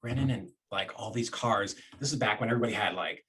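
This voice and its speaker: A man telling a personal story to an interviewer, conversational and lively. He acts out what he and others said and often restarts his sentences. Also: fairly low pitch, quick pace. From Florida, USA. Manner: animated storyteller, acts out quoted voices, many restarts. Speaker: real estate investor and guest.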